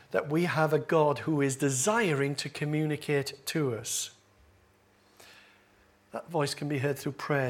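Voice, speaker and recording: A male pastor preaching a sermon to his congregation, with a humorous, self-deprecating manner. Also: fairly high pitch. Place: church with congregation. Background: congregation laughing.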